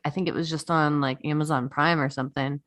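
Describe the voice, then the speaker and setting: A woman's voice: low-pitched, steady tone, fast, fairly bright tone. A woman co-hosting a podcast in casual chat, swearing freely and laughing often. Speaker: podcast co-host.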